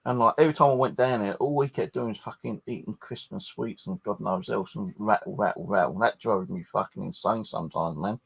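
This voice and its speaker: Gravelly man, rambling and sweary. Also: lowish voice, brisk, few pauses. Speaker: paranormal channel host. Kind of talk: casual late-night chat.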